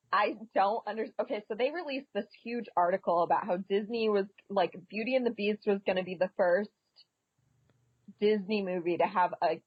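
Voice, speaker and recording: A woman's voice: medium pitch, slightly rough, dry recording, dull audio. A woman, a podcast guest, chatting casually about a film in a talkative way, often saying "like". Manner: chatty, says "like" a lot and laughs often. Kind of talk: casual movie review chat.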